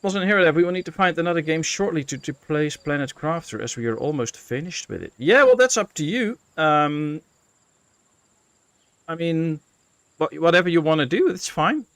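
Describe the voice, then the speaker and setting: A Dutch streamer with a higher-leaning voice talks at a moderate pace in a dry recording as he plays a colony-building game. Relaxed and musing, he chats with viewers and fills his thinking-aloud with fillers.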